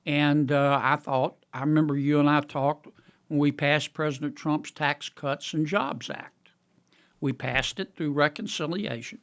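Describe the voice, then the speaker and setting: Southern guy from louisiana, folksy and dry, bit higher voice, stumbles and restarts a lot. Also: fairly even intonation, a little slow, a bit bright. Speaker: guest senator. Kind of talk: casual podcast conversation.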